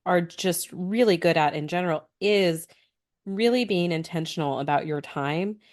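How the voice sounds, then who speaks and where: A woman's voice: lowish voice, moderate pace, a little mellow. A woman co-hosting a podcast in casual conversation, talking earnestly in long flowing stretches. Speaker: podcast co-host.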